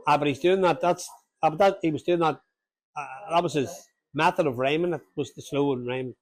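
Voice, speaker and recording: A man's voice: fairly high pitch, fairly quick. A man with a Northern Irish accent from Lurgan, talking about a recording in a hesitant, restarting way. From Northern Ireland. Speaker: speaker at a talk. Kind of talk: casual talk discussing a recording.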